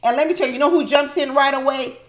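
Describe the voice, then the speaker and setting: A woman with a fairly high voice delivers opinionated recap commentary on a reality show. She talks emphatically and straight to her viewers. Her voice rings in an echoey room. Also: quick pace.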